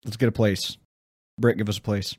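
A man's voice: lowish voice, level tone, normal speed, darkish tone, slightly rough, no room sound, clean studio sound. A man co-hosting a podcast, teasing his friend with crude jokes in casual banter. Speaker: podcast co-host.

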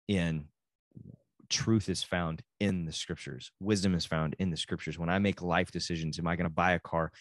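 Man, Texan accent, middle-aged, deep voice, dry close sound, rambling casual podcast talk. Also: no echo. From Texas. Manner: rambling, self-interrupting storyteller. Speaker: podcast host and dad.

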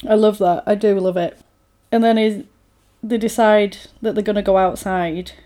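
A woman's voice: mid-range voice, moderate pace. A woman in casual chat, animatedly retelling a film's story scene by scene. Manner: animated storytelling, acts out the characters' lines. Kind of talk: casual film recap chat.

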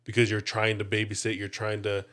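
A man's voice: fairly low pitch, completely flat delivery, fairly quick, a bit bright. A young man in casual podcast chat, chatty and often laughing as he retells things. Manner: laughing, chatty, quotes others. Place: podcast studio.

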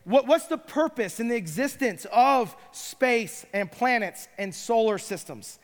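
A man's voice: very high-pitched, expressive, measured pace, in a large hall. A middle-aged man preaching a sermon, retelling scripture stories with playful asides. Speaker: pastor.

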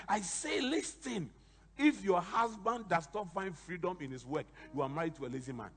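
A bishop preaching a sermon, telling animated stories with sudden shouted emphasis. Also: male voice, high voice, brisk, vocal fry, in a large hall.

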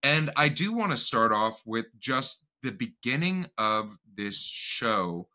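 Animated podcast host with a bright voice. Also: male voice, mid-range voice. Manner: animated, quick, many fillers. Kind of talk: casual podcast discussion.

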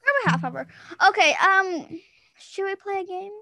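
A woman hosting a casual podcast over a Zoom call, chatty and giggly, breaking into quick excited bursts. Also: very high-pitched, dry recording. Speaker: podcast host. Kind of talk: casual chat.

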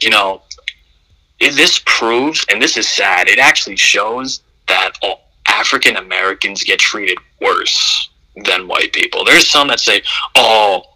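A man's voice: lowish voice, unhurried, bright, forceful tone, low-quality recording. A man in a casual podcast discussion, talking in an emphatic, blunt way with slang and swearing. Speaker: podcast co-host.

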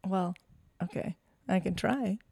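A woman with a mid-pitched, gravelly voice trades teasing quips on a podcast and laughs easily. The sound is dry and close to the mic. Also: measured pace, mellow, no room sound. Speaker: podcast co-host. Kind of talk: casual chat.

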